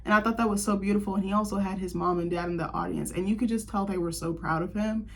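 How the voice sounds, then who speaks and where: A woman's voice: mid-range voice, fairly even intonation, fast, slight background noise. A young woman hosting a casual chat show, gushing and chatty, filling her talk with "like". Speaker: host.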